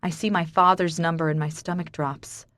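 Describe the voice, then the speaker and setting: A woman's voice: deep voice, steady tone, moderate pace, fairly bright tone, no echo. A woman narrating an audiobook in the first person in a subdued, somber tone.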